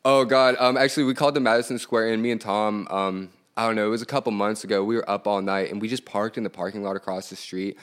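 A man guesting on a podcast, telling prank stories in a relaxed, rambling way and laughing often. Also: on the low side, fast, few pauses, clean tone. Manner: laid-back, laughing, rambling storyteller. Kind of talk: casual chat.

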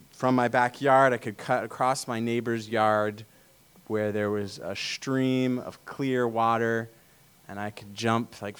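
A man from Vermont giving a casual sermon talk to a church meeting, telling stories in a relaxed way with many fillers. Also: fairly low pitch, smooth. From Vermont, USA. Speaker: church speaker.

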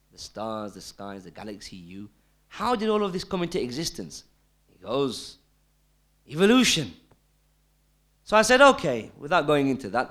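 Animated preacher man, high and lively. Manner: emphatic, rhetorical questions, swings from loud to hushed. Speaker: Islamic preacher. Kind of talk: sermon.

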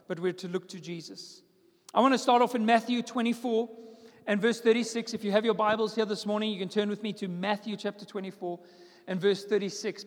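A man's voice: high voice, long reverb tail. A man, a pastor, preaching a sermon with emphatic repetition.

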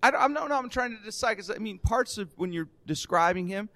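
A male podcast host in casual interview chat, reacting often and thinking out loud. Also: high voice, animated, fast, no room sound.

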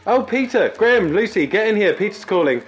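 A man's voice: high-pitched, animated, a little fast, muffled recording, faint music behind, voice pushed up. A man voicing an anxious older mother, squawking and calling out down a shaky video call in a spoken story. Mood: delighted.

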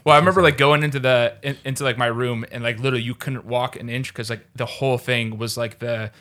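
A man's voice: medium pitch, fairly even intonation, fast, fairly bright tone. A young man from Ukraine chatting as a podcast guest, rambling with lots of filler words and profanity. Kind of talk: casual podcast chat.

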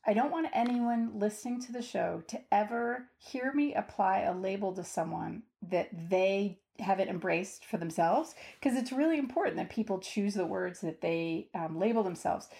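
A woman hosts a conversational interview, choosing her words with care and laughing easily. There is a lot of vocal fry in her mid-pitched voice. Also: moderate pace, hardly any pauses, dark tone. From United States. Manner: thoughtful and careful, laughs easily. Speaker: podcast host.

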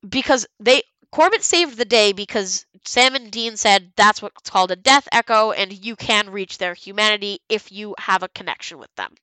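A young woman co-hosting a casual fan podcast, excitedly reading out favorite quotes and swearing freely. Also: mid-range voice, moderate pace, few pauses, no echo, rough recording. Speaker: podcast co-host.

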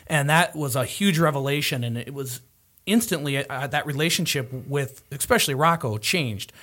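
A man's voice: medium pitch, moderate pace, fairly bright tone. Earnest, reflective male host. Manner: earnest and reflective, with frequent fillers. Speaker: podcast host. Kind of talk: casual conversation.

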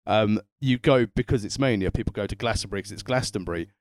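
A man's voice: on the low side, fast. A man co-hosting a casual wrestling podcast, slipping wry jokes into his points. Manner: wry, joking asides. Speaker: podcast co-host. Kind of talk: casual chat reviewing wrestling.

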